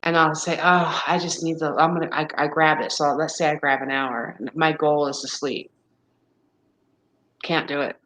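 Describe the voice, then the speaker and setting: Weary low-voiced woman in her fifties. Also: steady tone, a little fast, few pauses, a bit bright, a little hiss or hum, low-quality recording. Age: 50s. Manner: rambling and exasperated, lots of restarts and "like"; weary, complaining of exhaustion. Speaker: woman talking with a friend about menopause. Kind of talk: casual chat.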